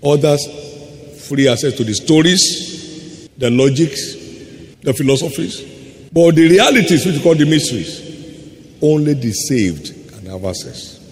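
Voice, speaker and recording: A man's voice: on the high side, animated. Male preacher in an echoing hall. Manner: emphatic preaching, swings between quick asides and slow stressed words. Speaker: pastor. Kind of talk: sermon. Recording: faint hum in a long-reverb hall.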